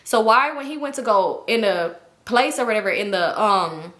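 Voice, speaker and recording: A young woman telling a personal story in a casual, animated way, slangy and profane. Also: mid-range voice, normal speed. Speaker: storytime YouTuber.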